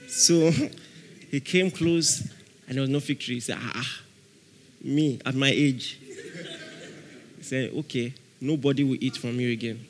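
A man preaching a sermon as pastor, acting out voices in his stories and shouting example prayers. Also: medium pitch, unhurried, long pauses, slight background noise. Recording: long hall reverb.

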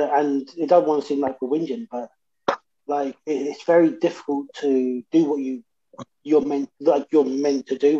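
Mellow-voiced man, podcast host. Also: medium pitch, dull audio. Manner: heartfelt, hesitant, fillers. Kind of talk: casual podcast chat.

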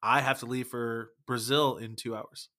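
Man, casual podcast talk, laid-back, swears a lot, bright voice. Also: mid-range voice, fairly even intonation, normal speed. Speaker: former band member, podcast guest.

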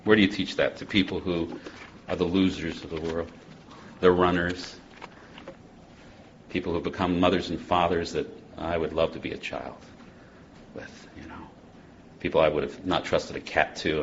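A man speaking at a recovery convention, joking and animated, moving between loud bursts and hushed passages. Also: deep voice, slight background noise. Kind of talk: humorous personal talk to a live audience. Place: convention hall. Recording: dull lo-fi live talk recording.

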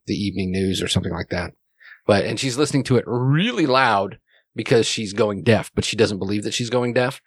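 A man's voice: fairly low pitch, no room sound, studio quality. A man narrating a tabletop game as game master, rambling with many fillers.

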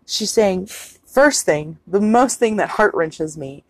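A woman talks through a film scene with animated, profane energy, as a casual podcast co-host. Her voice has a husky grain. The sound is dry and close, with no room around it. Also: medium pitch, slow, no room sound. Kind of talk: casual movie recap chat.

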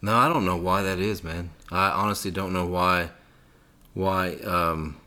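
A man with a low voice and a bright tone hosts a relaxed conversation. He muses in an easy, reflective way, with casual fillers. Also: measured pace.

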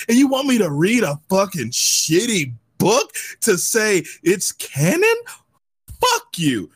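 Young male co-host, excitable and profane, high voice that swings a lot. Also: measured pace, breathy edge. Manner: profane, animated ranting. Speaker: podcast co-host. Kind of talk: casual podcast banter.

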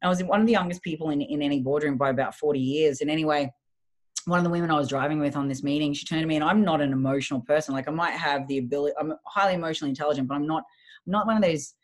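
A woman in her thirties, a fitness coach and guest, telling her story in a casual interview in a blunt, profane, animated way. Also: sits low, very fast.

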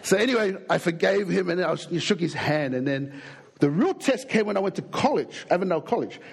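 A young adult man with an Australian accent preaching a sermon, an animated, jokey storyteller who acts out the people in his stories. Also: sits high, a little fast, creaky, slightly rough.

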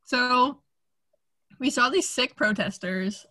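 A woman's voice: fairly high pitch, takes it slowly, pushed and bright. A young woman chatting casually with friends, making wry, dry remarks. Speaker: podcast co-host. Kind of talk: casual chat among friends.

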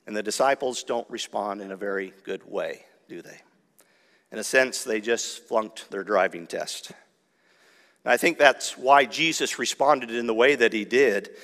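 A man's voice: medium pitch, unhurried, fairly bright tone. A male pastor delivering a sermon in a conversational style, asking the congregation rhetorical questions. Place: church sanctuary. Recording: long church hall reverb.

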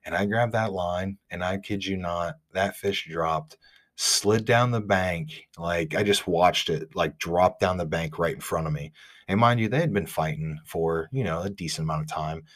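Podcast host, Ohio man, very low voice, rambling casual storytelling. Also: normal speed. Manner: rambling, animated, lots of "like".

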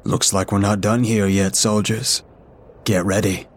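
Man reads stern military commander, icy and curt, low voice. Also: little pitch movement, a little slow. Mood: commanding.

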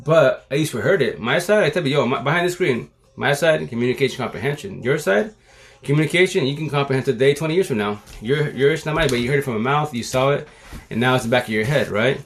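A man's voice: medium pitch, quick pace. A man in his forties talking on a live phone stream in a casual monologue, using street slang and repeating his mottos like a sermon. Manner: streetwise slang, repetitive, preachy. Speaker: livestream host.

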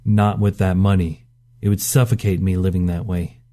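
A man reading a story voices a stubborn working man, a former fighter, in a gruff and defiant way, close to his own voice. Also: low voice, little pitch movement, moderate pace, mellow, natural voice. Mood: bitter.

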